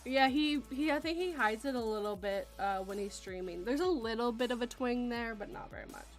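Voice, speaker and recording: A woman's voice: a little high, fairly quick, faint music behind. A woman from Western Canada hosting a casual chat, talking in a rambling way and laughing often. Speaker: host.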